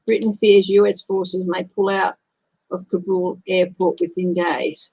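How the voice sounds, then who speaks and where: A woman's voice: lowish voice, level tone, a little slow, dark tone, slightly rough, dull audio. A woman, hosting a casual tarot livestream and chatting in a rambling way while she thinks aloud. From Australia. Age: 50s.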